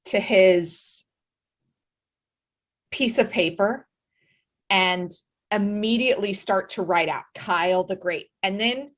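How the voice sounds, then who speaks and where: A woman narrating a tabletop game as game master, telling the story in an animated way with fillers. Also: mid-range voice, slow pace, long pauses.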